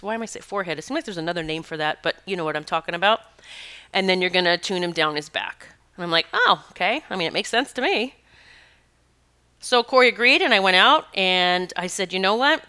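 A woman tells a personal story in a loose, earnest way, often stopping to correct herself. Her voice is bright and tense at the edges, smooth and crisp. She speaks as an animal communicator and Reiki practitioner. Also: medium pitch. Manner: rambling, self-correcting, earnest.

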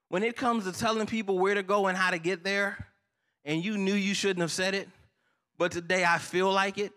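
A male pastor delivering a sermon in a high, bright voice. He keeps prompting his listeners with half-finished questions for them to answer back. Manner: preachy call-and-response, asks the congregation to finish lines.

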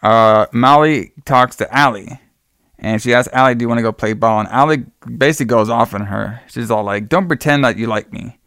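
A man's voice: medium pitch, fairly quick, fairly bright tone, clear, resonant tone, no echo, studio quality. A man casually recapping a movie plot, rambling and swearing, acting out the characters' lines and laughing as he goes. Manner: rambling, profane, acts out quotes with laughs. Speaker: podcast co-host recapping a movie.

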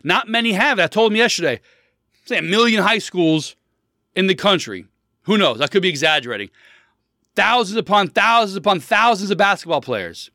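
A man's voice: sits high, bright, forceful tone, no echo, studio quality. A man in his thirties hosting a casual solo podcast, blunt and preachy, hammering his points home by repeating them. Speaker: podcast host.

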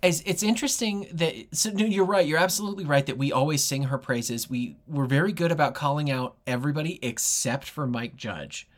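A man's voice: fairly high pitch, fairly quick, few pauses. A married man co-hosting a podcast in casual chat, blunt and joking with frequent swearing. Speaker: podcast co-host.

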